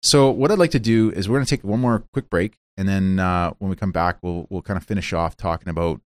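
A man with a low voice hosts an interview show. He nods along, leans on fillers and often restarts his sentences. The recording is dry and close to the mic. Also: fairly quick, no room sound. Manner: affirming listener, frequent fillers and restarts. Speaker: show host. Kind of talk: casual interview chat.

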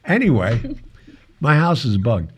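An older man, a podcast guest, telling a long personal anecdote in a lively way, acting out the dialogue and chuckling as he goes. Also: mid-range voice, unhurried. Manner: lively storyteller who acts out the quoted dialogue and chuckles often. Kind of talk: anecdotal storytelling.

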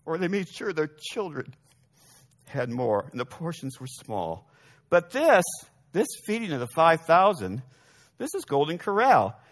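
A man preaching a sermon, moving between loud emphasis and soft, quiet asides. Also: on the high side, big pitch swings, measured pace. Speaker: pastor.

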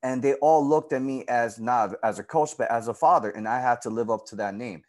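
A man, a girls' softball coach, telling his personal story in an interview in an earnest, emotional way. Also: brisk. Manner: earnest and emotional, lively pitch swings when retelling moments.

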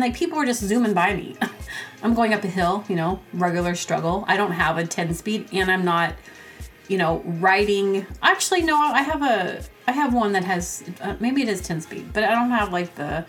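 A woman riffs alone on her podcast with a loose, rambling delivery. She laughs often and acts out quotes. Her voice sits in a mid-range pitch, and faint music runs under her. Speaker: podcast host. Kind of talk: casual solo monologue.

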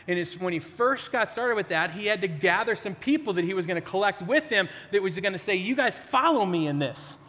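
A man's voice: high-pitched, lively intonation, brisk, few pauses, fairly bright tone, big-room sound. A man preaching a sermon in a conversational, storytelling way, acting out quotes as he goes.

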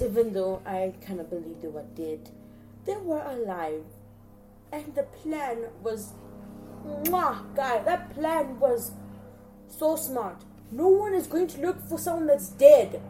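A woman's voice: a little high, animated, a little slow, dark tone, a little hiss or hum. A young woman in casual reaction chat, talking straight to her viewers and acting out her own reactions with gushing emotion. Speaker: vlogger reacting to a TV series.

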